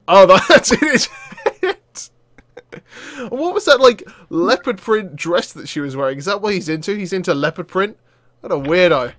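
A young man giving excitable let's-play commentary, often shouting and laughing as he plays. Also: high voice, moderate pace. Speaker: gaming video creator.

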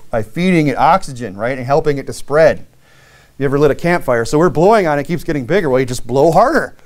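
A man's voice: a little high, animated, a little fast. A man preaching a sermon through a long personal story, loose and conversational, with many fillers, restarts and wry self-mocking humor.

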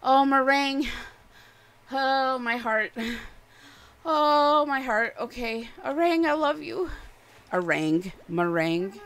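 A woman's voice: sits high, expressive, slow pace, pauses often, fairly bright tone, clear, resonant tone. A young woman livestreaming a cozy game, chatting casually and gushing affectionately at the game characters. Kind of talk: casual live-stream chat while gaming.

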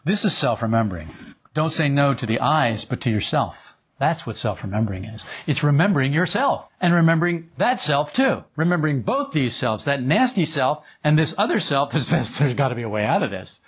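A man's voice: a little high, very animated, brisk, slightly rough. A man teaching a group in an informal spiritual talk, conversational and chuckling often. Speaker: esoteric teacher. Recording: dull lo-fi recording.

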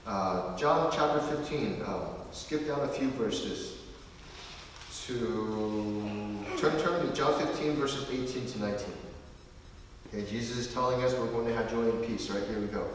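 A man preaches in a big hall, his voice ringing with long reverb and heard from a distance. He reads scripture slowly, then talks it over with his listeners in a conversational way. A faint hiss sits under the recording. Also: mid-range voice. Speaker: pastor. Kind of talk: sermon.

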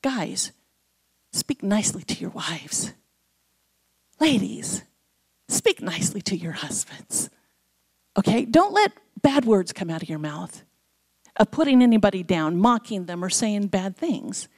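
A woman's voice: mid-range voice, a little slow, pauses often. A middle-aged woman preaching as guest speaker in a church, telling stories and acting out the voices of the people in them. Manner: animated, acts out quoted voices. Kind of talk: sermon storytelling.

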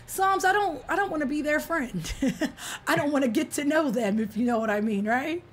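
Woman game streamer, high-pitched and playful, trash-talking teammates and chatting with viewers. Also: moderate pace. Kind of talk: casual livestream gaming chat.

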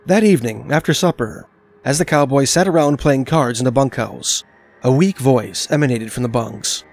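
A man's voice: medium pitch, moderate pace, creaky, darkish tone, faint music behind. Man narrating a mystery documentary.

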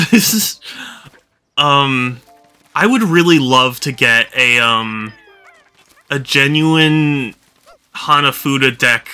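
A man's voice: mid-range voice, sharp tone, clean tone. A man doing casual live-stream commentary while playing a video game, tired and yawning, rambling with lots of fillers and restarts.

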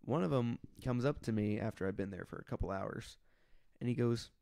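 This co-host has a creaky, warm, mid-range voice and talks fairly quickly, spinning rambling anecdotes from his work as a detention officer on a casual podcast. He acts out the people in his quotes.

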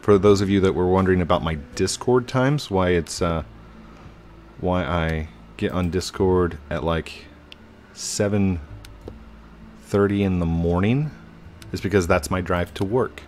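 A man in his thirties giving casual, chatty commentary while gaming, excitable and breaking into high squeals. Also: measured pace, pauses often, slight background noise. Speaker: YouTuber.

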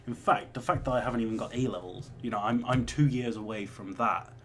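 A young man in his twenties talks loosely through viewer questions, rambling from one thought to the next with a mid-pitched voice. A faint hiss sits under the recording. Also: a little fast, fairly bright tone. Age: 20s. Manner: rambling and chatty, with swearing and laughs. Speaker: vlogger answering viewer questions. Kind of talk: casual chat.

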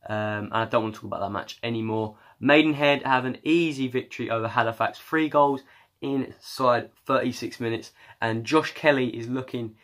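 A man's voice: medium pitch, moderate pace, fairly bright tone. A young man chatting casually about football news, rambling and hesitant with lots of ums and uhs. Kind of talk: casual chat.

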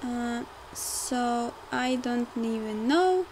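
A young woman rambling through casual gameplay commentary, full of fillers and quick to get frustrated, recorded at home on a desktop mic. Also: fairly high pitch, expressive, noisy background. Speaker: game let's player. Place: home room, car audible outside.

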